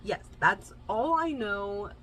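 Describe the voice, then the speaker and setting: A woman's voice: mid-range voice, expressive, takes it slowly, a bit bright, a little hiss or hum, rough recording. A young woman from Kansas with a Midwestern American accent, chatting casually as she hosts a book review. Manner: bubbly, chatty, lots of asides. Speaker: book reviewer, channel host.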